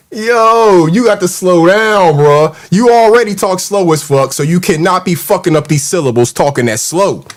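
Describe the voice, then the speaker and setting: A man's voice: high-pitched, unhurried. A man hosting a casual livestream, ranting in a mocking, profane, heated way and reacting to the live chat. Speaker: show host.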